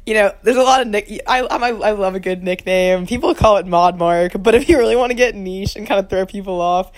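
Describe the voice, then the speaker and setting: A woman's voice: mid-range voice, fairly quick, no room sound. A young woman co-hosting a student podcast, chatting casually in a rambling, self-deprecating way. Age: young adult. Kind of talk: casual chat.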